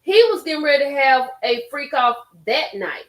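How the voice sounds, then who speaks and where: Give me an expressive woman hosting a live stream, talking to her chat in a roomy echo. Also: sits high, normal speed. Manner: expressive, talks straight to chat. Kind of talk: casual live-stream commentary.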